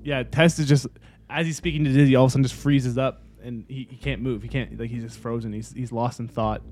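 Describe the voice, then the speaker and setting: A man's voice: mid-range voice, fairly even intonation, fast talker, a little mellow, slight background noise. A man playing a tabletop game, describing his character's moves in a bemused way. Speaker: player.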